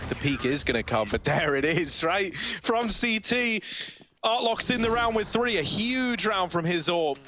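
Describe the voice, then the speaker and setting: A man casting a competitive shooter match, playful and theatrical, building excitement on big plays. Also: on the high side, a little hiss or hum. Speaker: esports caster. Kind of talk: play-by-play commentary.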